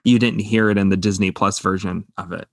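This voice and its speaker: A man's voice: low voice, steady tone, a little fast, no room sound, clean studio sound. Enthusiastic man reviewing a movie. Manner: enthusiastic, quotes film lines. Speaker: podcast co-host. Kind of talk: casual movie review chat.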